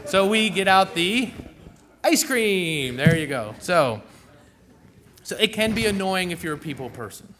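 A man's voice: fairly high pitch, animated, a little slow, fairly bright tone, a little hiss or hum. Folksy man preaching a sermon. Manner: conversational, folksy, with asides to the congregation.

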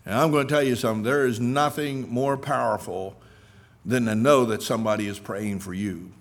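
Middle-aged guy preaching, earnest, voice jumps up for emphasis, mid pitch. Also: normal speed. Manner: acts out quoted speakers while telling stories. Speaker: pastor. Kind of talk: sermon.

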